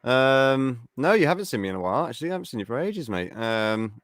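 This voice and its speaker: Chatty English man with a lively voice. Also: medium pitch, fast, dry recording, studio quality. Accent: West Midlands English. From England, West Midlands. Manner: chatty, says mate a lot. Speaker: show host. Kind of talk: casual live-stream chat.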